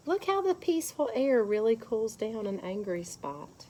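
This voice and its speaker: A woman leading a children's lesson at church, gently guiding them through counting and calm breathing. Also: a little high, moderate pace, hardly any pauses, a little hiss or hum.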